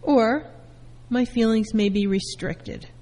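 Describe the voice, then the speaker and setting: A woman therapist giving a calm lecture, explaining terms through everyday first-person examples. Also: on the high side, takes it slowly, long reverb tail, poor audio. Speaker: therapist teaching.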